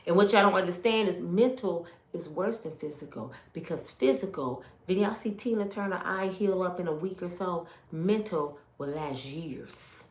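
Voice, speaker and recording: A woman's voice: fairly low pitch, moderate pace, few pauses, roomy sound. A woman from Michigan giving an emotional personal testimony, telling her story with animation and speaking straight to her viewers.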